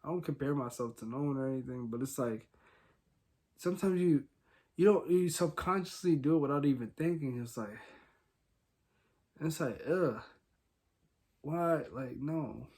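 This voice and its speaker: A young man hosting a solo podcast, talking casually and candidly, rambling with many fillers and swinging between quiet and loud. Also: a little high, moderate pace, pauses often, slightly rough. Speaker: podcast host.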